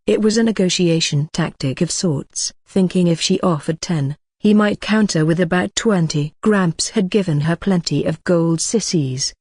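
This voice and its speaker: An audiobook narrator reading a story in an even, steady way. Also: medium pitch, no echo, clean studio sound.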